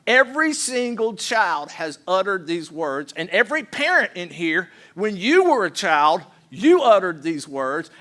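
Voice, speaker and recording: Man, pastor, animated sermon, high bright voice, banter with congregation. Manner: lively, playful, leads call-and-response with the congregation. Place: church sanctuary.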